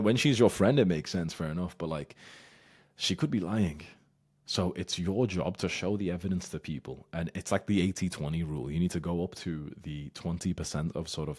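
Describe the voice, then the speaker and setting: Very deep-voiced blunt man giving advice. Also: darkish tone, husky. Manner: blunt, heavy swearing, emphatic; rambling with fillers and restarts. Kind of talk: casual advice monologue.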